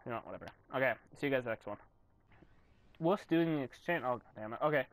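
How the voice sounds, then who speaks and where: A man's voice: mid-range voice, lively intonation, fast talker, no room sound. Raging young man gamer, swearing. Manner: swearing, yelling outbursts of frustration. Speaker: gamer commentator. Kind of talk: casual gameplay commentary.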